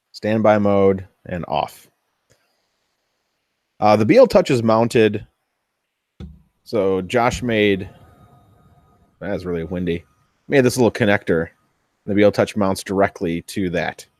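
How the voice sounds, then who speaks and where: A man narrating his own workshop build in a casual, chatty vlog. He talks slowly in a lowish voice and thinks aloud as he goes. The sound is dry and close. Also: expressive, a little mellow, no room sound. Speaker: 3D printing hobbyist host.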